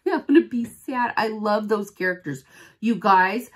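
A woman's voice: mid-range voice, a little slow. A woman chatting casually in an unboxing vlog as a home-fragrance consultant, rambling and gushing to her viewers like a devoted fan.

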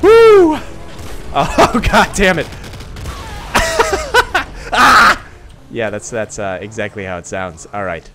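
A man commentating his own video game run, swinging from low mutters to excited yelps and laughter. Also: takes it slowly, long pauses. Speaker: gaming channel host. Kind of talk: let's play commentary. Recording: game music behind. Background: game music.

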